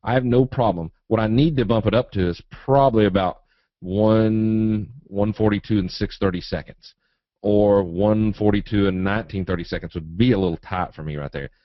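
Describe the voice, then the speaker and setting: A man's voice: lowish voice, normal speed, dry recording. Folksy Southern man teaching trading. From Eastern Kentucky. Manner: folksy, relaxed, joking. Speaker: trading educator. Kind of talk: live webinar teaching, reading viewer questions. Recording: dry, muffled webinar audio.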